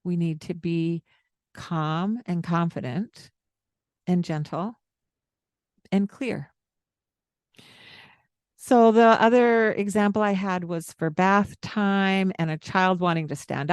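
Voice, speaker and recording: Calm, gentle woman giving parenting advice. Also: on the low side, no room sound, studio quality. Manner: calm, gentle, demonstrates tones of voice. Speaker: podcast co-host, parenting coach. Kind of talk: casual advice chat.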